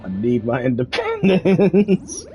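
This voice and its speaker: A man's voice: a little high, wildly swooping pitch, takes it slowly, music in the background. A young adult man streaming a video game, chatting in a laid-back, slangy, joking way. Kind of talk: casual gaming stream chat.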